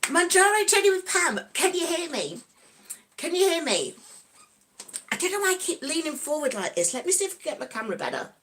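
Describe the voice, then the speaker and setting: A woman's voice: extremely high pitch, sing-song, a little fast, fairly bright tone. A woman in her sixties hosting a casual live stream, chatty and cheerful, giggling often and greeting viewers by name. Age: 60s. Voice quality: giggly, breaks into snatches of song.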